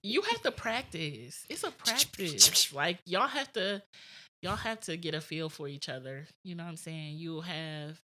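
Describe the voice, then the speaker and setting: A woman talking in a casual podcast chat, her voice low-pitched yet bright. She explains things frankly and matter-of-factly, with frequent laughs. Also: lively intonation, measured pace.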